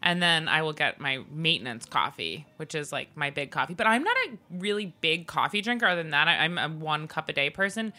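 A woman co-hosting a podcast, chatting playfully with quick quips. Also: sits low, expressive, sharp tone. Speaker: podcast co-host. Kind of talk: casual chat.

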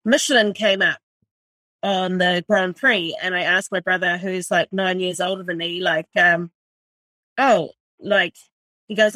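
A chef from New Zealand tells her story in a loose, sweary, rambling way, with a strong New Zealand accent. Her voice is bright and forceful, and it sits a little low for a woman. The recording is close and dry. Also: fairly even intonation, unhurried, dry recording. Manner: blunt, sweary, filler-heavy with lots of "like". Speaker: chef and restaurant owner. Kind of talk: casual interview storytelling.

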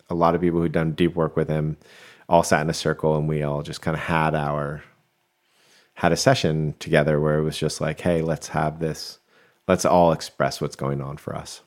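A man with a very low, deep voice talks casually on a podcast. He muses reflectively and rambles, restarting his sentences often. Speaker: podcast co-host and coach.

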